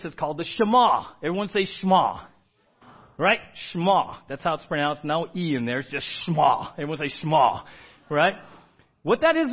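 A man's voice: high-pitched, lo-fi sound. A male pastor preaching a conversational sermon, often checking in with the congregation.

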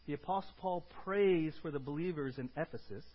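A man preaching a sermon as a pastor, moving from quiet, drawn-out lines to loud, emphatic ones. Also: on the high side, dull audio, slight background noise.

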